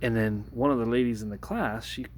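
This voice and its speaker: A man's voice: a little fast, a little hiss or hum. A man telling a personal story to a phone camera in a casual vlog, earnest and hesitant, with many restarts. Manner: earnest, hesitant, many restarts, rises in pitch when retelling the confrontation. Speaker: workplace de-escalator.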